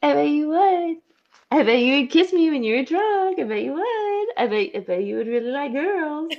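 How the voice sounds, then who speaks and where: A flirty Australian woman coaxes in a high, sing-song teasing lilt, as a woman puts her on. The voice sits well above her usual range. The sound is slightly muffled and lo-fi. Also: animated, moderate pace.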